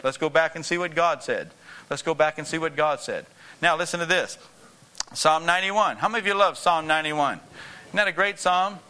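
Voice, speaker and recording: A male preacher with a high, bright, ringing voice delivers a sermon. He drives points home by repeating phrases and keeps asking the room whether they are following. The delivery is emphatic and direct. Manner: emphatic, repetitive, calls for congregation responses.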